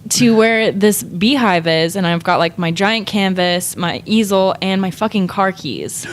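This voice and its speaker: A woman's voice: medium pitch, very animated, measured pace. A young woman, a guest artist on a podcast, telling a rambling story in casual chat, full of "like" and laughing often.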